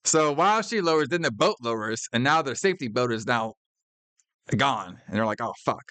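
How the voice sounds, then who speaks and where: A man co-hosting a podcast, casually recapping a horror movie scene by scene, profane and animated, acting out the characters' lines. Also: mid-range voice, normal speed, no room sound. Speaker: podcast co-host.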